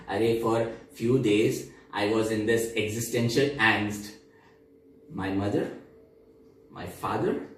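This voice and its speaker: An actor playing a young man who fondly recalls crude childhood discoveries, speaking in slow, reflective storytelling. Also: lowish voice, a little hiss or hum. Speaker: stage actor. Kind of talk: theatrical monologue. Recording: echoey room, mic far off.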